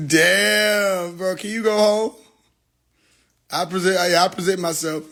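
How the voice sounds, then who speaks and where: A man hosting a casual livestream, joking and laughing often, swearing freely, and swinging between loud outbursts and quiet mutters into his phone. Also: sits high, fairly even intonation, slow pace, vocal fry. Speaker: livestream host.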